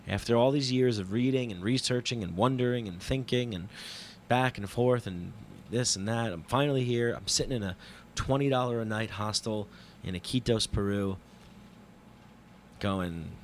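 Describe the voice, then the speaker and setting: A man hosting a podcast, telling a travel story in a casual, animated and profane monologue that mocks himself. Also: medium pitch, normal speed, a little hiss or hum. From New York. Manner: profane, animated, self-mocking retelling.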